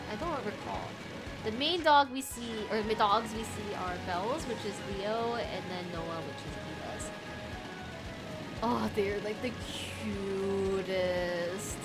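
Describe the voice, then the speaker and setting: A young woman streaming a game, chatting casually with her viewers, bubbly and excitable, laughing often and squealing over dogs. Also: medium pitch. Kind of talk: casual gaming stream chat.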